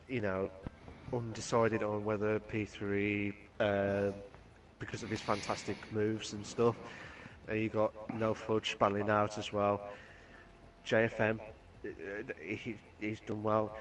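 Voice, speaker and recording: A man commentating on a sim race in a live stream, rambling and halting but enthusiastic. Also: on the low side.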